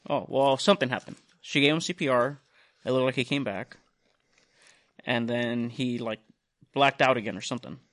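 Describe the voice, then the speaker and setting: A man's voice: mid-range voice, normal speed, pauses often, fairly bright tone. Young male podcast host, casual and profane, rambles through a story while acting out what everyone said. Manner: rambling, profane, retells dialogue in quotes. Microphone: studio mic.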